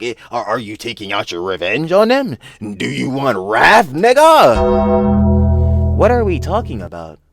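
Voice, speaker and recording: A young man hosting a reaction video, ranting heatedly with profanity and repeated exasperated outbursts. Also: medium pitch. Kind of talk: casual reaction commentary.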